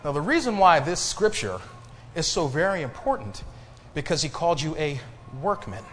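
Animated male preacher in a reverberant church. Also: on the high side, a little hiss or hum. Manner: preaching with rising emphasis and call-and-response pauses. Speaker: pastor. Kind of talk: sermon. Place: church sanctuary.

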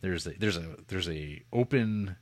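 A man casually retelling a film's plot in a rambling, joking way, slipping into quick voices for the characters. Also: low-pitched, darkish tone. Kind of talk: casual film discussion.

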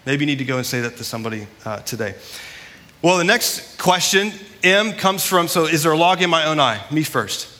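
A man's voice: fairly high pitch, expressive, fairly quick, bright, forceful tone. A man preaching a sermon in a church sanctuary, earnest and conversational, with a long hall reverb. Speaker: pastor.

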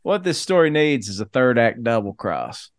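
A man's voice: mid-range voice, sing-song, normal speed, no room sound. Profane man, dry close podcast voice. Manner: drawling, profane, spins mock movie plots. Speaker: podcast co-host. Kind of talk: casual comedic storytelling.

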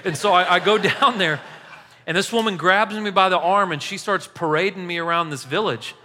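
A man preaching a sermon, telling a story in a casual, animated way and laughing along as he goes. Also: high-pitched, normal speed. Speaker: pastor. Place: church hall. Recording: echoey hall.

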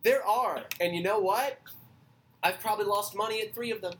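A man's voice: sits high, moderate pace, fairly bright tone, slight background noise. A man from Georgia co-hosting a casual podcast chat, telling stories with frequent laughs and swearing. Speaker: podcast co-host.

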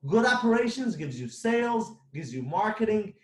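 A man's voice: high voice, big pitch swings, moderate pace, reverberant. A man who runs a construction company giving blunt, emphatic business advice, repeating his points.

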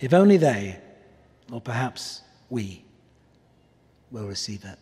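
A man preaching a sermon, earnest and pleading, often letting his voice drop softly on key words. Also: medium pitch, very animated, slow pace, breathy edge. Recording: long reverb of a large hall.

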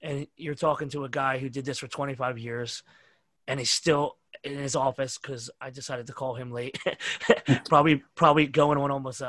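Earnest man hosting, flat dry delivery. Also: medium pitch, dry recording. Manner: earnest, appreciative, rambling with fillers. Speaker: podcast host. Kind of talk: casual interview podcast wrap-up.

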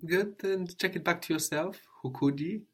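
A man teaching a language lesson, patiently prompting his student with questions and gently correcting answers. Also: high voice, moderate pace, husky.

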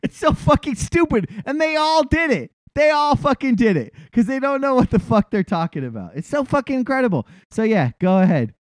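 A man's voice: extremely high pitch, sing-song, a little fast, hardly any pauses, no echo. A man from the Boston area co-hosting a sports podcast, ranting with lots of swearing and laughing through his words. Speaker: podcast co-host. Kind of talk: casual sports chat.

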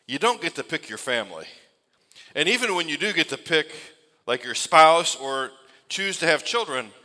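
A man's voice: mid-range voice, pushed and bright, big-room sound. A middle-aged man preaching a sermon in a church, conversational and emphatic. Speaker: pastor. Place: church sanctuary.

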